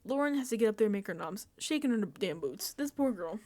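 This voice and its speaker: A woman host giving a casual, animated recap of a reality show, laughing often and sounding exasperated. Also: mid-range voice, brisk.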